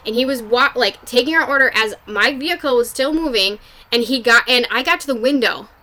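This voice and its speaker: A woman's voice: on the high side, a little fast, sharp tone. A young adult woman hosting a podcast, telling a personal story in a candid, casual way, swearing freely and filling with "like". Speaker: podcast host.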